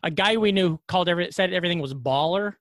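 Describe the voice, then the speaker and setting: Fast-talking high-voiced man, dry studio. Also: a bit bright, dry recording. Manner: quick, chatty, laughs often, lots of fillers like "like" and "yeah". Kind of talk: casual chat.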